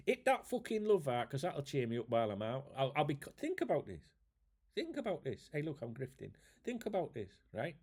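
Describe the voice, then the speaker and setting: A man's voice: a little high, huge pitch swings, fairly quick, darkish tone, breathy edge. A man from England, chatting casually and swearing freely to his viewers in a rambling, jokey way. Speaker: YouTube host.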